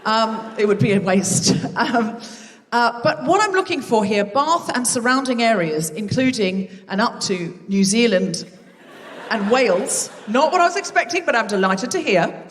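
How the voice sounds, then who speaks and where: Woman doing crowd work on a stage mic, fairly high voice, theatre reverb ringing out. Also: expressive, unhurried, recorded from a distance. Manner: chatty, self-mocking, bantering with the audience. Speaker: comedy podcast host. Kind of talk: live stand-up hosting with crowd work. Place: live theatre stage before an audience. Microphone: stage microphone.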